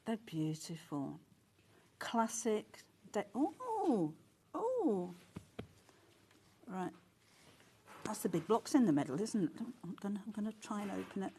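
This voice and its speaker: A woman presenting a live shopping channel, chatty and excitable, often gasping and laughing as she talks. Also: mid-range voice, a little slow, pauses often, slight background noise. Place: TV studio.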